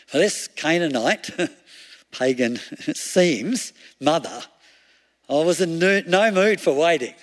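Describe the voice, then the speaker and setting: A man's voice: a little high, expressive, takes it slowly, long pauses. Man preaching in a reverberant hall. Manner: chatty, laughs often, rhetorical questions. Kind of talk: conversational sermon.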